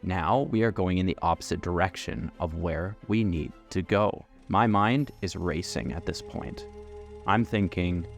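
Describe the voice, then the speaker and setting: A man narrating a travel story as a vlogger, animated and acting out the dialogue. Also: deep voice, a little slow, gravelly, soft background music. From Canada. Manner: animated, acts out quoted dialogue.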